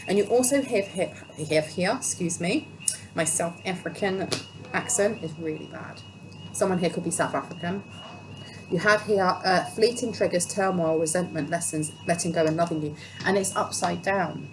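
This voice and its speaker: Over a constant hum of background noise, a tarot reader with a lowish voice talks at a moderate pace. Her reading is casual and chatty, and she leans on repetition to drive her points home.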